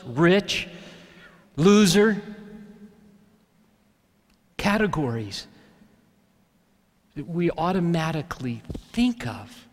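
Guy preaching a sermon, chatty then suddenly emphatic, higher voice that swings all over, long church echo. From Alabama, US South. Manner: conversational preaching, rises to emphatic peaks. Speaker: pastor.

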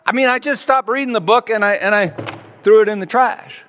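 A man in his sixties preaches in a wry, self-mocking way, with a voice that sits high for a man. His delivery swings between quiet, low asides and loud, raised outbursts. The sound rings out with the long reverb of a large hall. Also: a little fast, slight background noise. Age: 60s. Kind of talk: storytelling sermon.

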